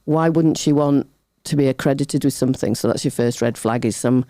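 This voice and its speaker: A middle-aged woman, a guest on a talk show, telling a personal story in a lively way, often acting out other people's voices and wandering off on tangents. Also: rumbling low, a little fast, no room sound, studio quality. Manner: lively, acts out quoted voices, goes off on tangents. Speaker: podcast guest.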